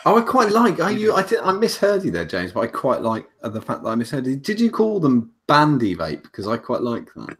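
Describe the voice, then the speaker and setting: A man's voice: medium pitch, wildly swooping pitch, fairly quick, few pauses. A man from England, jokey and playful in casual podcast chat. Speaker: podcast co-host.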